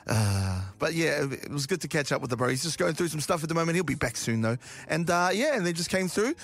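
A young man with a New Zealand accent hosting a casual morning radio show, joking and swearing, with loud hyped-up openings. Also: on the high side, very animated, fast, creaky. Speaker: radio host.

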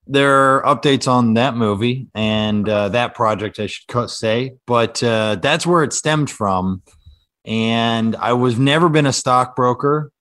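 A man's voice: medium pitch, a bit bright. A man in his thirties from Kansas chats as a podcast guest in a mid-range voice. He talks in a loose, self-deprecating way, dropping dry jokes between ums and uhs. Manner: self-deprecating, dry joking with hesitant fillers. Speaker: comedian guest. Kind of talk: casual podcast chat.

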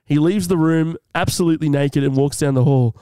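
Bright-voiced guy reading a letter. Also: on the high side, fairly quick, clean tone, no echo. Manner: jokey, reads a listener letter aloud with asides. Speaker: podcast co-host. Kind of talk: casual comedy podcast chat.

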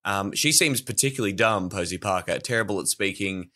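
Deep deadpan man podcaster. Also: a little fast. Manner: dry, deadpan sarcasm. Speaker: podcast co-host. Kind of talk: casual political chat.

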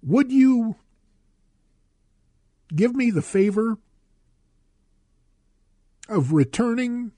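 A man's voice: extremely high pitch, lively intonation, drawn-out words, long pauses, dark tone, no echo. A man in his sixties hosting a talk radio show, telling stories with an emphatic delivery into a studio microphone. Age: 60s. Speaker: radio guest host.

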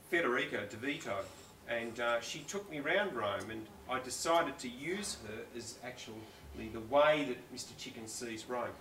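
A man's voice: medium pitch, a bit bright, a little hiss or hum. An Australian man speaking as a guest author in a live on-stage conversation, talking enthusiastically, rambling and often breaking off mid-thought. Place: school hall before an audience. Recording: roomy and distant with faint ambience.

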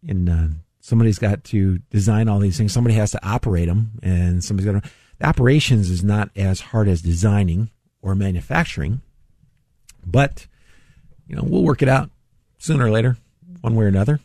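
A man's voice: fairly low pitch, brisk, warm tone, dry recording, studio quality. A male radio host with a voice he says he is losing, chatting loosely about the stock market, rambling and correcting himself as he goes. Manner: rambling, self-correcting, chuckling. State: losing his voice. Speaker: radio show host, financial adviser. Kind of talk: casual talk radio commentary.

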